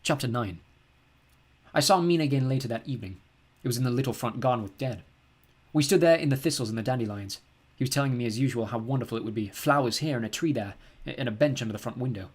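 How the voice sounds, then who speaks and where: A man narrating an audiobook in first person, calm and plain. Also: medium pitch, quick pace, husky. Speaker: audiobook reader.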